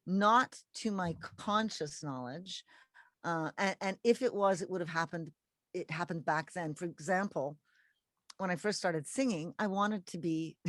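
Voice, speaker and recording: A woman's voice: fairly low pitch, no echo. A woman from Canada, a singer and guest, chatting casually and laughing over a video call. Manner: laughing, chatty, self-deprecating.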